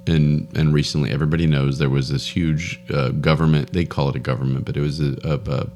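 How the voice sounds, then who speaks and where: A man's voice: rumbling low, little pitch movement, fast, a little mellow. A young man hosting a casual podcast, rambling with frequent laughs and stumbles. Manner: rambling, laughs often, stumbles over words. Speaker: podcast host.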